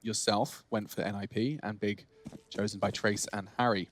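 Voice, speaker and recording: A man doing fast, excitable play-by-play for a competitive shooter match, joking with his co-caster. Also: fairly low pitch, a little hiss or hum. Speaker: esports caster. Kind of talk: play-by-play commentary.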